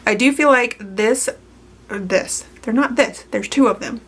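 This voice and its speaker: A woman's voice: medium pitch, measured pace, fairly bright tone. A woman hosting a scrapbooking channel, recording a casual voice-over full of bloopers, stumbling over her words and correcting herself aloud.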